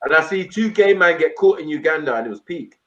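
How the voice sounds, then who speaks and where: A man's voice: on the high side, expressive, fast. A man, chatting casually on a stream and telling stories in slang. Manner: storytelling, slangy. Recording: dull, muffled audio.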